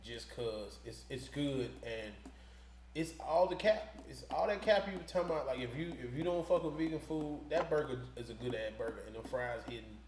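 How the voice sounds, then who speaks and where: A man from Atlanta, a podcast guest, chatting casually in a relaxed, slangy, rambling way. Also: mid-range voice, normal speed. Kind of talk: casual chat. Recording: roomy studio sound with faint noise.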